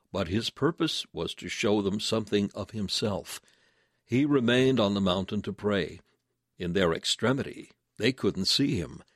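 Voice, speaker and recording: A man announcing a radio program in measured, scripted narration. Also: on the low side, no echo, clean studio sound.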